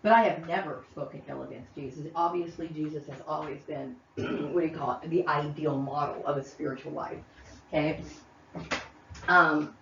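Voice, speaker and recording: A woman's voice: sits low, fairly even intonation, moderate pace, a bit bright, slight background noise. A woman hosting her own channel, ranting heatedly to camera and repeatedly asking "okay?". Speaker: channel host. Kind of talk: angry vlog rant to camera. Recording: echoey, distant, muffled room sound.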